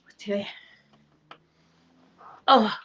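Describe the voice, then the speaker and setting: An older Scottish woman, the channel's host, chats cheekily at home, speaking very slowly and short of breath. The lo-fi recording sounds slightly dull, with a little hiss or hum.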